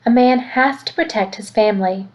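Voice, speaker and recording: A woman's voice: fairly high pitch, normal speed, lightly acted. A woman reading aloud, voicing a stubborn old grandfather who is an army veteran. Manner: quiet, gruff, stubborn.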